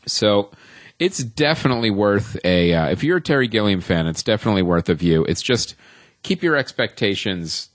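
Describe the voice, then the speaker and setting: A man's voice: lowish voice, lively intonation, normal speed, dry recording. A man co-hosting a film podcast, reviewing a movie in casual chat, rambling with many ums and restarts.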